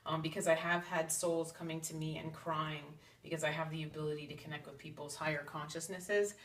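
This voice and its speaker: A woman's voice: low-pitched, flat delivery, fairly quick, a little hiss or hum. A woman casually talking to camera about spiritual ideas in an earnest, chatty way, slipping into quoted asides. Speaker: psychic channel host. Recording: roomy echo, from a distance.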